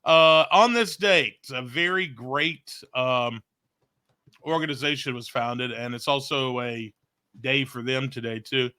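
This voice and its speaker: A man's voice: mid-range voice, unhurried, pushed and bright, clean tone. A man co-hosting a casual talk show, reading out date facts with a joking manner. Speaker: radio morning show co-host.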